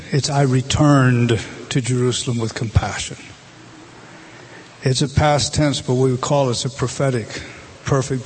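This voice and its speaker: A man's voice: mid-range voice, a little hiss or hum. A man preaching a sermon, emphatic and often repeating words as he speaks.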